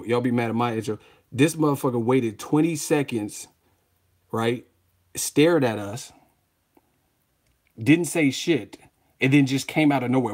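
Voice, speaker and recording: A man's voice: medium pitch, measured pace, pauses often, darkish tone. A man hosting a livestream reaction show, trash-talking in a brash, profane way. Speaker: boxing channel host.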